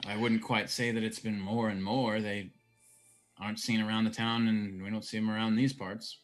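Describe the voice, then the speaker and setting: A man voicing a laid-back middle-aged ship captain in a tabletop game, talking in a low, confiding, unhurried way. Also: flat delivery, soft background music, natural voice. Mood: calm.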